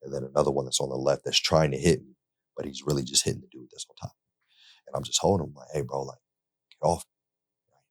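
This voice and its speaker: A man's voice: a bass voice, level tone, quick pace, fairly bright tone, breathy edge, no echo, studio quality. A young man telling his own story in a loose, conversational way, with lots of "like" and "right?". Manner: laid-back and conversational, full of "like" and "right?". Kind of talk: casual storytelling. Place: interview studio.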